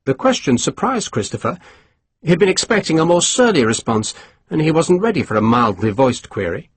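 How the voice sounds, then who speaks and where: A man narrating a historical novel as an audiobook, in a measured storytelling manner. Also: a little high, very animated, breathy edge, dry recording. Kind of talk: scripted narration.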